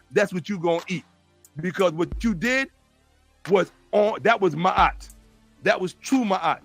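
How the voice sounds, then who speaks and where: Brief: high-pitched male debater, indignant and confrontational, faint music behind. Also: a bit bright, no room sound. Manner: confrontational, indignant, raises his voice. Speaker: guest debater. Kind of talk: heated live debate.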